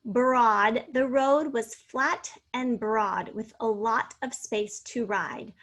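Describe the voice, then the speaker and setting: A woman with a slightly high voice teaches a spelling lesson. She sounds out each word slowly and clearly, syllable by syllable, and then reads an example sentence. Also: fairly bright tone. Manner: slow, clearly enunciated, sounding out words.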